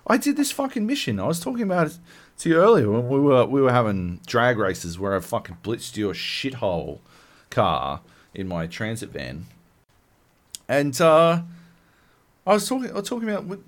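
A man co-hosting a podcast, ranting profanely in casual chat. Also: medium pitch. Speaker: podcast co-host.

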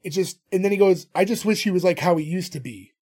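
A man's voice: high-pitched, quick pace, darkish tone, slightly rough. A man co-hosting a podcast, casually recapping an episode and telling stories. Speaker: podcast co-host. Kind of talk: casual chat.

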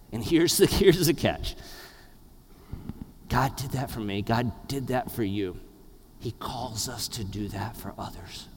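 A man in his thirties preaching a sermon as a pastor, animated, dropping to a hush and rising loud, with playful laughs. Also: lowish voice, slow, pauses often, slight background noise. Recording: long hall reverb.

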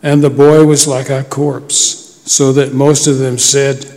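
A man giving a measured, solemn scripture reading in a church. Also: mid-range voice, little pitch movement, darkish tone. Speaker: scripture reader. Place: church sanctuary. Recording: long church reverb.

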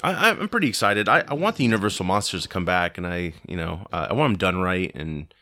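A man with a very low voice chats in a loose, rambling way as a podcast host. The sound is dry and close, with no room around it. He is in his forties. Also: animated, quick pace, pushed and bright, no echo. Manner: rambling, chatty, laughs easily. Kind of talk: casual chat.

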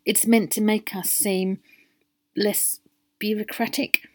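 A woman's voice: medium pitch, flat delivery, takes it slowly, a little mellow, no echo, voice pushed up. A woman voicing a nervous, apologetic tall male official who speaks hesitantly and pleads.

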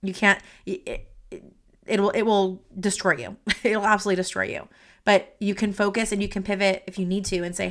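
A woman's voice: mid-range voice, a little fast. A woman hosting a solo podcast as a career coach, talking unscripted, earnest and rambling, speaking straight to her listeners into a desk microphone. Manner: earnest, rambling, heartfelt, addresses listeners directly; animated, gestures while talking.

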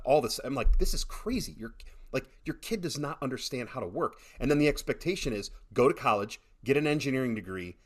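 A middle-aged man chatting casually on a podcast, telling animated stories with many repeated starts. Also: medium pitch, slightly rough. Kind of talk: casual chat.

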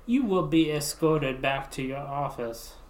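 A woman voicing a stern, impatient male military colonel who questions a scientist in clipped, flat lines. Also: low voice, unhurried.

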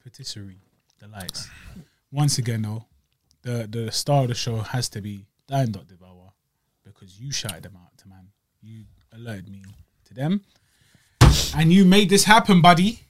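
A young man co-hosts a podcast, full of slang and playful asides. He often jumps in over his co-host with quick jokes. A faint hiss sits under his voice. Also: fairly low pitch, darkish tone. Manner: playful, slangy, interrupting with bits. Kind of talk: casual chat.

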